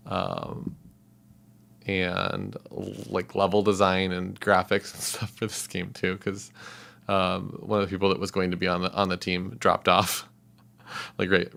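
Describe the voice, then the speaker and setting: A man's voice: sits low, gravelly, fairly bright tone. A man livestreaming as a composer, talking casually and rambling with many fillers and chuckles.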